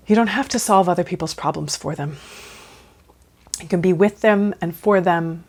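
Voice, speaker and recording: Animated woman counsellor vlogging. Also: on the low side, moderate pace, long pauses, husky. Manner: animated, addresses viewers directly. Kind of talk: casual advice vlog to camera.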